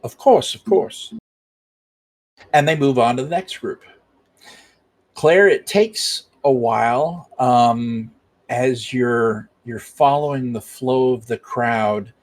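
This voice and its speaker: A man narrating a tabletop role-playing game as game master, often pausing on fillers. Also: mid-range voice. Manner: hesitant, many fillers.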